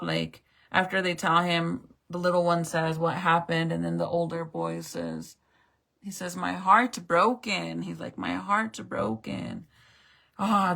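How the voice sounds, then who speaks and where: A woman's voice: fairly low pitch, creaky, sharp tone. A woman vlogger recounting a story in casual, emotional chat, swearing freely and saying "like" and "bro" a lot. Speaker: makeup vlogger.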